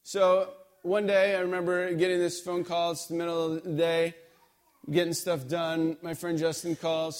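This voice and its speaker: A middle-aged man delivers a sermon with a somewhat high voice. He talks in a relaxed, conversational way and acts out the dialogue in his stories. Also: moderate pace. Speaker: pastor.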